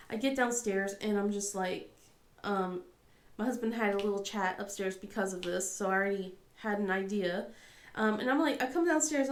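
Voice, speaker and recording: A woman with a cold and a scratchy throat chats casually as a crafting vlogger, rambling with lots of ums and laughing often. Her voice is medium-pitched and the room sounds reverberant.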